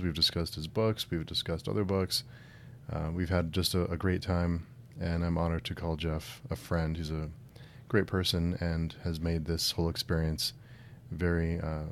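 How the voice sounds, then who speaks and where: Man, low voice, book channel host, short story reading, friendly, faint rumble. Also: creaky. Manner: friendly, with filler words and restarts. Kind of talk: casual intro then story narration.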